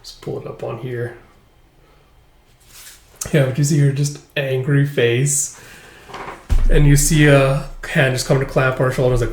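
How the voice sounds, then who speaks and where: Man, casual manga read-through, chatty, filler-heavy, mid pitch, roomy echo. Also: level tone, moderate pace, long pauses, darkish tone. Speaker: manga reaction vlogger.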